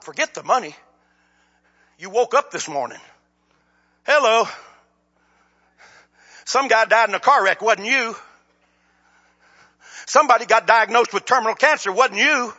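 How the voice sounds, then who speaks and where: A man preaching a sermon, swinging from shouted appeals to low, quiet asides. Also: animated, measured pace, pauses often, slightly rough, highs cut off. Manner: impassioned, rises to shouts then drops low.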